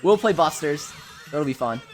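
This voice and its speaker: Low-voiced woman chatting on a game stream. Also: lively intonation, moderate pace, soft background music. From United States. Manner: chatty, reads chat aloud, gushes over pets. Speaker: gaming livestreamer. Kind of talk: casual livestream chat reading viewer comments.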